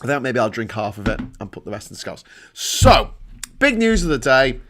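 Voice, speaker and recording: A man's voice: mid-range voice, big pitch swings, a little fast, noisy background. Scouse guy chatting on his live stream, middle-aged, jokey, reads out comments. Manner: chatty, joking, reads viewer comments aloud. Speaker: livestream host. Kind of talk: casual live stream chat.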